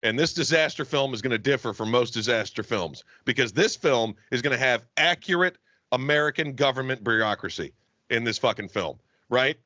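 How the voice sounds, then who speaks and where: Profane rambling young man, bright voice. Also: mid-range voice, fairly quick, no echo, lo-fi sound. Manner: rambling, profane, animated storytelling. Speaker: podcast co-host. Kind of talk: casual comedic chat.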